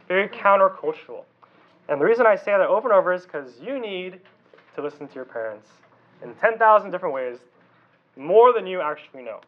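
A man with a high voice gives a youth sermon in a loose, talky way. He keeps checking in with the listeners through questions. The sound is a little dull and lo-fi. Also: lively intonation, fairly quick. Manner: conversational, asks the audience questions. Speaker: youth pastor.

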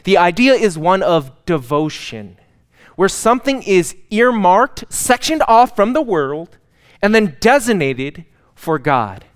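Preaching man with a smooth voice. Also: high-pitched, very animated, slow pace. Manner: conversational preaching with dramatic emphasis on repeated words; self-deprecating humor. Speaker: pastor. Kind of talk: sermon.

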